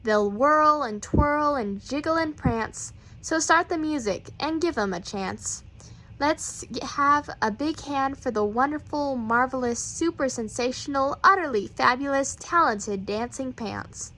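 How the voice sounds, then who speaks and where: A woman reading children's poems aloud, with playful, rhythmic and expressive delivery. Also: high voice, measured pace, a little hiss or hum, low-quality recording. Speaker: reader.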